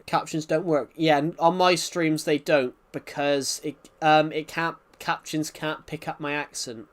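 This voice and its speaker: Fairly high-voiced man, thick accent, rambling gaming stream chat, stops and restarts a lot. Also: fairly even intonation. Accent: thick regional accent. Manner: rambling, halting, many restarts.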